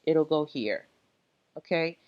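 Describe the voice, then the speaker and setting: A woman giving a casual tech tutorial, explaining setup steps in a relaxed, halting way with frequent fillers. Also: sits low, highs cut off. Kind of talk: casual screen-recorded walkthrough.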